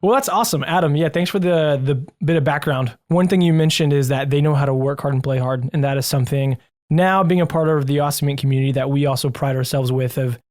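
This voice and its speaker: A man's voice: on the high side, steady tone, quick pace, darkish tone. A man hosting a podcast interview, upbeat, enthusiastic and jokey. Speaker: podcast host.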